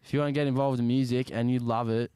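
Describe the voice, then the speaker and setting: A young Australian man, a musician guest, talking casually in an interview in a laid-back, soft-spoken way that often trails off. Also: mid-range voice, fairly even intonation, fast talker, clean tone, no room sound, studio quality.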